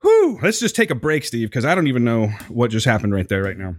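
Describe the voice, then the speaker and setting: A man's voice: mid-range voice, huge pitch swings, fast talker, no room sound. A man hosting a podcast in casual banter, exasperated and laughing, rambling through his words. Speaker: podcast host.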